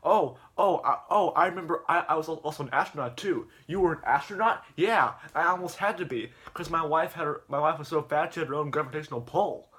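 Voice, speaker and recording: A man's voice: a little high, a little fast, hardly any pauses, fairly bright tone, voice pushed up, lightly acted. A man voicing a boastful middle-aged guy who rambles through jokes about his wife. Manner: brash, rambling punchlines.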